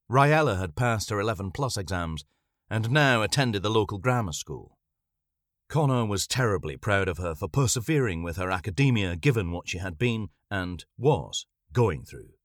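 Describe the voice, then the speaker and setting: A man narrates a story in a low voice with lively rises and falls. The reading is measured and expressive, recorded dry and close. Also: no echo. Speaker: audiobook narrator. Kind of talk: scripted narration.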